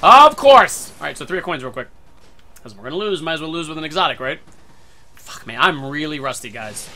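Excitable man ranting over gameplay. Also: a little high, fast talker, slight background noise. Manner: excitable, swears often, bursts into shouts; talks to himself and his teammates. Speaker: gaming video creator. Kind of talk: live gameplay commentary.

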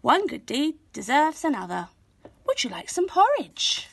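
A woman voicing a kind, wise old woman who speaks gently. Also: high-pitched, huge pitch swings, a little slow, creaky, voice pushed up, exaggerated voice. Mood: kindly.

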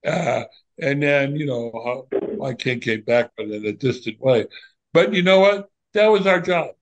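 An older man, a former monk, reminiscing in a relaxed, candid conversation and telling animated stories. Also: mid-range voice, unhurried, lo-fi sound. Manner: animated storyteller, candid and reflective.

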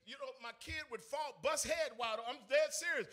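A man preaching an emotional sermon. He swings from shouting to hushed, near-tearful speech in a sing-song preacher's cadence. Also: very high voice, normal speed, faint music behind. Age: 30s. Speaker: evangelist preacher.

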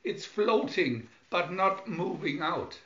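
A man's voice: sits high, expressive, takes it slowly, sharp tone, pitched above the performer's own voice, exaggerated voice. Pompous, cowardly doctor for a storybook, whining and theatrical; a man puts him on; roomy, muffled recording. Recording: echoey, dull home recording.

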